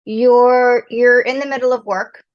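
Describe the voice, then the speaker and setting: A middle-aged woman, a podcast guest, giving parenting advice in an emphatic, animated way and acting out the lines she quotes. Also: fairly high pitch, unhurried, lo-fi sound. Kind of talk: casual advice interview.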